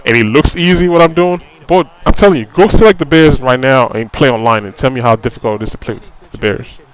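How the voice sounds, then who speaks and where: A man talking over his football game footage in casual commentary at a middle pitch. He rants with frustration, circles back to the same complaints and fills gaps with "you know." His talk is loose and conversational. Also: quick pace, clear, resonant tone, poor audio. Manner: repeats himself, fillers like "you know". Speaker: gaming commentator.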